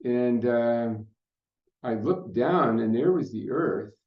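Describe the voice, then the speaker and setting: An older man speaking at a conference, telling a personal story in an unhurried, reflective way with fillers. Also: mid-range voice, expressive. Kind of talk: storytelling talk. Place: conference hall. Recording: muffled roomy hall recording.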